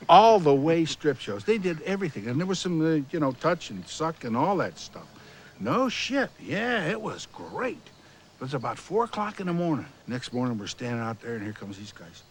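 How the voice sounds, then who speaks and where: An older man casually recounting a prank from his school days, building briskly toward the punchline. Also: on the high side, sing-song, a little hiss or hum. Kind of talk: casual reminiscing.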